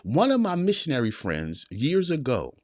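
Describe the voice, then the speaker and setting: A man's voice: medium pitch, wildly swooping pitch, normal speed, no room sound, clean studio sound. A man hosting a podcast, giving an emphatic motivational talk and often turning to his listeners with a question. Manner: emphatic, repeats phrases, asks the audience "y'all hear me?". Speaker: podcast host.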